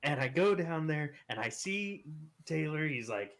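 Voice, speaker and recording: A man's voice: fairly high pitch, measured pace. A man casually telling a workplace story on a podcast, laughing as he goes. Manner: animated, laughing through his own story. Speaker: podcast panelist.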